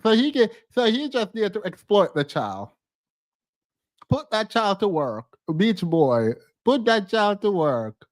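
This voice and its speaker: A man co-hosting a casual live-stream commentary, animated and laughing as he mocks chat commenters. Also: high voice, takes it slowly, no echo.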